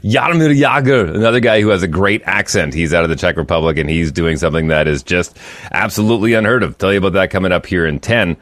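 A man hosting morning radio in a very low voice, chatting and joking with the audience. The sound is close and dry, straight from a studio mic with no room around it. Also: fast talker, a bit bright, no echo. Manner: chatty, jokey, talks straight to listeners. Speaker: radio morning show host. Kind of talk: casual radio banter. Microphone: studio microphone.

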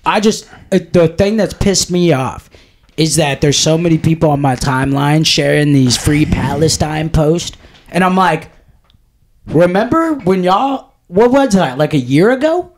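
A man's voice: on the high side, animated, a little slow. Blunt, profane man in casual podcast chat. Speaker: podcast co-host.

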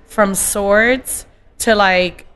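A woman's voice: mid-range voice, fairly even intonation, very slow, a bit bright, clean tone. A woman from Dublin with a Dublin Irish accent, chatting casually and peppering her talk with "like". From Ireland. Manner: chatty, full of "like" fillers. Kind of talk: casual chat. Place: bar by a window.

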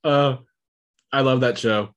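A man co-hosting a podcast with a mid-pitched voice, neither high nor low for a man. He talks in a relaxed, meandering way, with lots of "like" and "um". The delivery is easygoing and chatty. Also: slow, lo-fi sound. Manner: relaxed, filler-heavy talk. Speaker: podcast co-host. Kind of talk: casual podcast chat.

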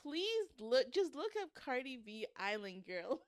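A woman co-hosting a casual book podcast, talking in an animated way with slangy asides to her listeners. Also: sits high, unhurried, clean tone, no room sound, studio quality.

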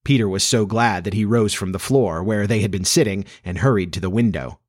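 A man narrating a classic children's storybook aloud with expressive delivery. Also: lowish voice, fairly quick. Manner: lively, expressive. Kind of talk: storybook reading.

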